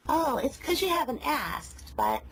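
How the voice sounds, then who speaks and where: High-voiced woman with some vocal fry, mock calm and sarcastic, prank calling someone. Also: measured pace, poor audio. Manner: falsely patient, sarcastic, then crude. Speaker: prank caller.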